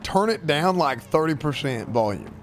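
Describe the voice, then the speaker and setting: A man's voice: fairly high pitch, sing-song, moderate pace, a little hiss or hum. A man role-playing a brash cowboy police officer, talking with a drawl and breaking into laughter. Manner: drawling Southern-style cowboy cop talk with frequent laughter. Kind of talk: in-character role-play chat.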